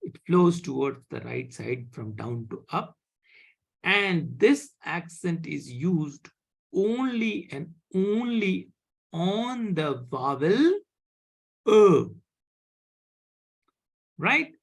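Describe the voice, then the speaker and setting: A teacher with an Indian accent giving a live online French class, speaking slowly, repeating words and checking with "right?". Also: mid-range voice, sing-song, creaky, breathy edge. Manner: slow, repeats words, asks "right?" often.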